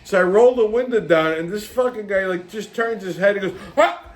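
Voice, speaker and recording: A man's voice: high-pitched, fairly quick. A middle-aged man, hosting a show and telling a rambling, profane anecdote while laughing often. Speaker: podcast host. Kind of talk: casual storytelling monologue.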